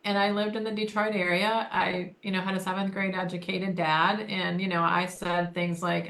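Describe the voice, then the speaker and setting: A woman's voice: on the low side, little pitch movement, normal speed, creaky, hardly any pauses, fairly bright tone. A woman from Michigan co-hosting a podcast, telling a personal story in earnest and acting out the lines of the people in it. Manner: earnest, acts out quoted dialogue. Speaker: co-host. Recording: roomy echo.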